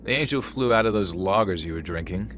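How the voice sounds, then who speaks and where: A man's voice: sits low, animated, brisk, a bit bright, slight background noise. A man doing a jeering young lad. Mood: mocking. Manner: mocking, teasing. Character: jeering young male drinking buddy.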